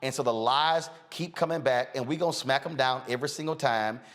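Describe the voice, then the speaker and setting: Casting: outspoken male host, combative rants, mid pitch. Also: fairly quick. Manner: blunt, combative, animated rants with filler "uh". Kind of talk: outspoken talk show commentary.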